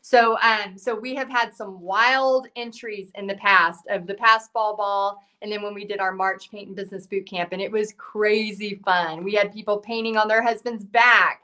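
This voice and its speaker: A woman's voice: mid-range voice, steady tone, normal speed, few pauses, bright, forceful tone. A woman, hosting a live painting stream in a chatty way, reading viewer comments and losing her voice. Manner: chatty, reads out viewer comments, many fillers. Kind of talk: casual live-stream chat.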